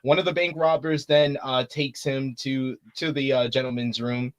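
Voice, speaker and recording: A man's voice: mid-range voice, little pitch movement, moderate pace. A man hosting a casual review show, recapping the plot in a laid-back way with frequent fillers. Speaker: host.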